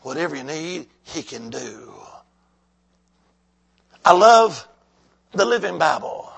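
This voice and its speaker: Male evangelist, husky and raspy, exhorts the congregation and drops from shouts to hushed whispers. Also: on the high side, very animated, takes it slowly. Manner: calls out to the congregation. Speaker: preacher. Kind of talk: revival sermon.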